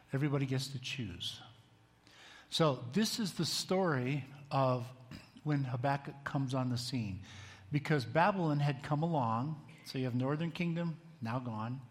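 A man giving a conversational bible teaching, often asking the room questions and raising his voice when he reads scripture aloud. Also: medium pitch. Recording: long hall reverb.

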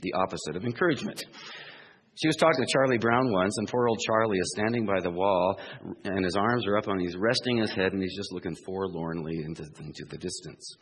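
Earnest low-voiced male preacher. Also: breathy edge, big-room sound. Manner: earnest, swings from emphatic peaks to hushed asides; slows and spells out words for emphasis. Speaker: pastor. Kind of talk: sermon.

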